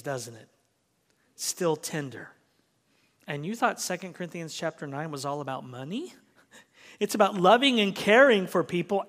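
A man's voice: fairly high pitch, fairly bright tone, in a large hall. A man preaching a sermon as pastor, emphatic and full of rhetorical questions, in a church sanctuary.

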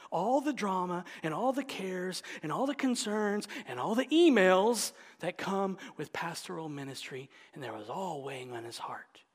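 Pastor, male, high-pitched, unhurried, loud emphasis dropping to near-whispers, long church reverb. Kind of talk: sermon.

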